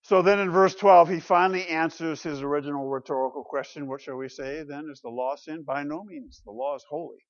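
A man preaching a sermon with dramatic rhetorical questions, swinging from loud to quiet. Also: a little high, fairly quick, hardly any pauses. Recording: dull lo-fi recording.

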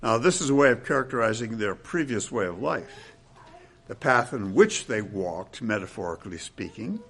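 Bright-voiced older preacher, emphatic. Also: male voice, fairly low pitch, animated, moderate pace, husky. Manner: emphatic, wry asides to the congregation. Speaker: pastor. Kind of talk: expository sermon.

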